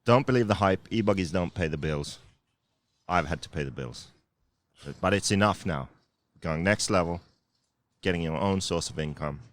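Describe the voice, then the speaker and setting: A man with a very low voice hosts a podcast in easy chat. He teases his co-host with dry sarcasm. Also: moderate pace, pauses often. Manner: teasing, sarcastic banter. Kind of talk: casual chat.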